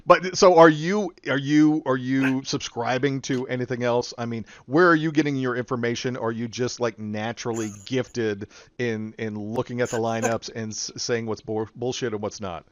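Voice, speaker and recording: A man's voice: mid-range voice, steady tone, normal speed, no echo, lo-fi sound. A man hosting a casual podcast chat, loose and rambling, laughing often. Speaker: podcast host.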